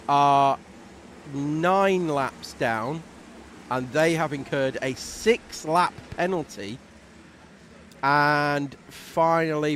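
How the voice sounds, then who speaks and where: A man doing relaxed, chatty commentary on a live race stream, explaining things at length. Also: a little high, a little hiss or hum.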